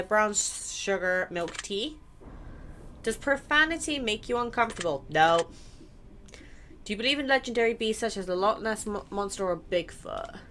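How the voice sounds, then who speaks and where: A woman's voice: medium pitch, a bit bright. Casting note: young adult woman streamer, candid and unfiltered, mid-range voice, light noise underneath. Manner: chatty and blunt, swears casually. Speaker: gaming content creator. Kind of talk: casual let's play commentary, reading questions aloud.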